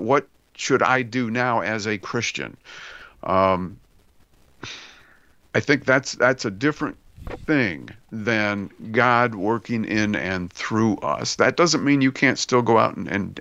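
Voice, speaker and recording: A podcast co-host with a lowish, creaky, fairly bright voice discusses faith reflectively and searchingly, repeating words as he thinks aloud. The recording is dry, dull, and lo-fi with no room sound.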